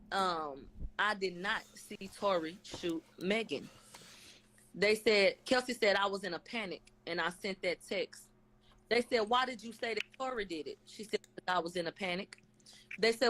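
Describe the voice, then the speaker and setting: A woman's voice: mid-range voice, fairly bright tone, rough recording. A woman on a live stream casually retelling a court hearing, relaying each question and answer with "they said, she said", frequent fillers and blunt asides. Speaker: channel host recapping a court hearing. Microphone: webcam or phone on a live stream.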